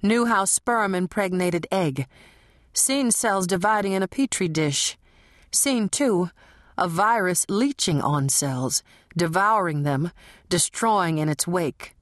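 A woman reads fiction aloud with measured, dramatic delivery. Her voice sits low and moves slowly. The recording is close and dry. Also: animated, dry recording. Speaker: audiobook narrator. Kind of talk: scripted narration.

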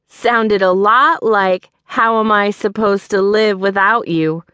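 A woman's voice: medium pitch, slow, sharp tone, clean tone, no echo, clean studio sound. Woman voicing a smug, wry young man. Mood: teasing.

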